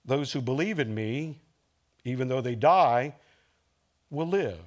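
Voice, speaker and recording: A man's voice: medium pitch, animated, slow, a little mellow, lo-fi sound. A man preaching a conversational sermon as a pastor, acting out the lines he quotes.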